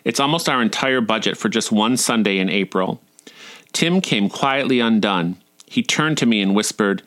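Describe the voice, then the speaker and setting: A man's voice: mid-range voice, sing-song, normal speed, a bit bright. Wry man in his forties. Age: 40s. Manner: wry, irreverent, playfully profane. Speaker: essayist reading his own stories. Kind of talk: humorous personal essay reading.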